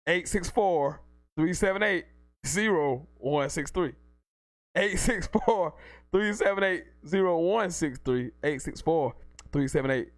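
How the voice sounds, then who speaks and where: A man's voice: on the high side, no room sound. A man hosting a live call-in sports podcast, hyped and repetitive, hyping himself and reading the call-in number over and over. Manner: hyped, repetitive, self-promoting.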